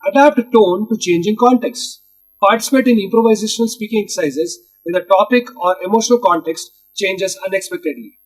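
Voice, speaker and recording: A man's voice: high-pitched, a little fast, poor audio. A man reading lesson notes aloud as a teacher, moving steadily through headings and instructions.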